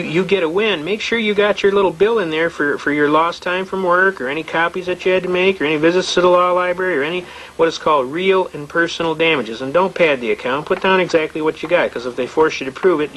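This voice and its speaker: A man's voice: fairly high pitch, fairly bright tone, slight background noise, poor audio. A man giving a folksy, blunt lecture on representing yourself in court, full of anecdotes and restarts. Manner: blunt, storytelling, frequent restarts and repetitions. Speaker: seminar speaker on self-representation in court.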